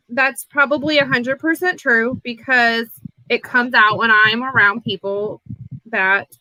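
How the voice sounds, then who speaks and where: A woman with a Southern US accent chats on a live stream in a bright, clear voice pitched a little high. She tells stories in an animated way and laughs easily. The sound is close and dry. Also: no room sound, rough recording. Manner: chatty, animated storyteller who laughs often. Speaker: host of a live chat stream. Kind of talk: casual chat.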